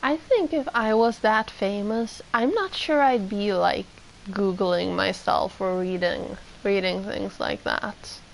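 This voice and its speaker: Swedish woman streamer, unhurried meandering chat, slight background hiss. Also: medium pitch, gravelly, low-quality recording. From Sweden. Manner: rambling, meandering, with many fillers. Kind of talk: casual chat while gaming.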